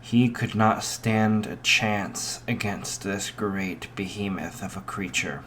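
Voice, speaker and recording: A man improvising a story aloud, unhurried, with frequent fillers and restarts. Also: fairly low pitch, a bit bright, slight background noise.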